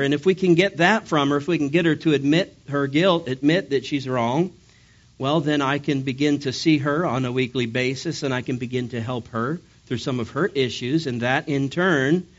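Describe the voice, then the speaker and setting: A man preaching a sermon, his voice strained from sickness, telling a story with wry humor. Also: medium pitch. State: strained voice from illness. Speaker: pastor. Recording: dull lo-fi sound.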